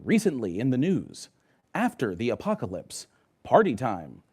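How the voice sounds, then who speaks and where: A man's voice: mid-range voice, huge pitch swings, moderate pace, a little mellow, husky. A man hosting a quiz show, explaining the setup in a friendly way.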